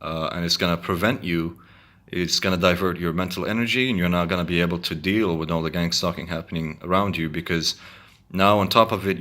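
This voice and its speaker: Earnest low-voiced man rambling to camera. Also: sharp tone. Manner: earnest, repetitive, stumbling restarts. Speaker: video blogger. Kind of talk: casual monologue to camera.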